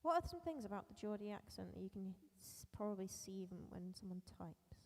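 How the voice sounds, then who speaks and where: A woman's voice: medium pitch, expressive, a little fast, a little mellow, in a large hall, slight background noise. A woman hosting a songwriting live stream, thinking aloud in a tentative way and asking herself questions. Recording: acoustic guitar played under her speech.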